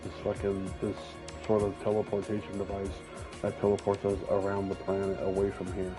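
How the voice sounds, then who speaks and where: A man's voice: deep voice, completely flat delivery, fairly quick, music in the background, rough recording. A man casually retelling a made-up story, rambling and swearing often, with many fillers and restarts.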